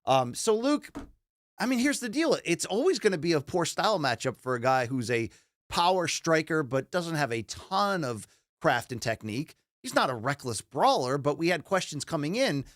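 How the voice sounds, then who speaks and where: Host, man, animated pitch, dry close mic. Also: normal speed, dry recording. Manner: asks long questions, lively delivery. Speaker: podcast co-host. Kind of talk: casual sports debate.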